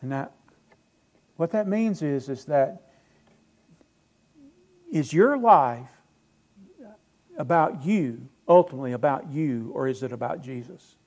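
A male pastor preaches in a fairly high voice. He is emphatic and asks his listeners questions, then answers them himself. His volume rises and drops sharply from phrase to phrase. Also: expressive, slow, pauses often. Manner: loudness swings widely between phrases. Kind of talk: sermon.

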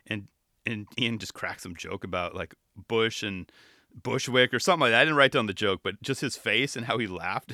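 A young man giving casual commentary on a dating show, animated and laughing, full of fillers. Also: fairly low pitch, no echo, clean studio sound. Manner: animated, laughing, frequent "you know" fillers. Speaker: show reviewer.

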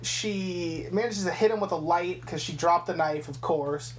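A woman's voice: lowish voice, moderate pace, slight background noise. A young woman co-hosting a podcast, casually recapping a movie scene by scene, swearing freely and acting out characters' lines. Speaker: podcast co-host. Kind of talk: casual film recap chat.

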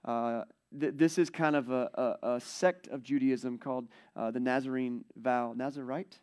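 A man preaching a sermon, retelling scripture in a chatty, animated way. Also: mid-range voice, moderate pace, clean tone. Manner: conversational, animated storytelling. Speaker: pastor.

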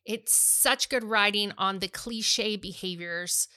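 A woman's voice: medium pitch, slow, pushed and bright. A middle-aged woman co-hosting a podcast, chatting enthusiastically about books. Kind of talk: casual chat about books.

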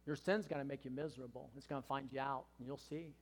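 A pastor in his sixties preaches to his congregation in a church hall, his medium-pitched, steady voice moving quickly. Earnest and emphatic, he rises to impassioned pleading, with long hall reverb on the recording.

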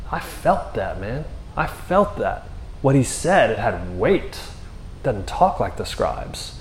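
A man's voice: mid-range voice, sing-song, slow, slight background noise. A male pastor preaching in a loose, conversational way, often tossing in "man" and "you know.". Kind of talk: sermon. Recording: echoey room.

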